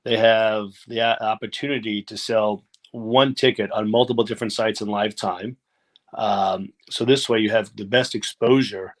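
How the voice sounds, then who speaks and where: A man giving a remote interview on a video call, halting and restarting often as he explains things at length. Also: fairly low pitch, steady tone. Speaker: interview guest.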